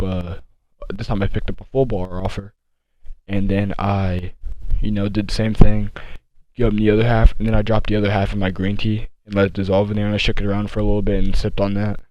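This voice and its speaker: A teenage boy telling a story from his school days, rambling with many fillers and restarts, deliberately slowing his speech. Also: on the low side, level tone, warm tone, dry recording, muffled recording. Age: teens. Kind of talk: casual storytime monologue.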